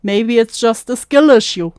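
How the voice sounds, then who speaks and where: A woman's voice: fairly high pitch, moderate pace, darkish tone, clean tone, dry recording, studio quality. A woman streamer reacting to an old call clip, sarcastic and laughing, mockingly repeating what she hears. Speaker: commentary streamer.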